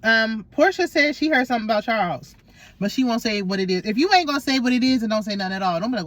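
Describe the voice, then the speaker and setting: A woman's voice: on the high side, animated, fast, a bit bright, no echo. A woman hosting a casual, opinionated reality TV recap, sassy and gossipy with lots of slang.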